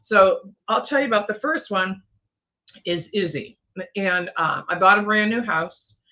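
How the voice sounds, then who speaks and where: A woman appears as a guest psychic and tells a personal ghost story. She meanders, with frequent fillers and restarts, and her voice sounds bright and clear-toned. The stream audio is slightly dull and lo-fi. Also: medium pitch, unhurried. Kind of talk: casual storytelling on a livestream.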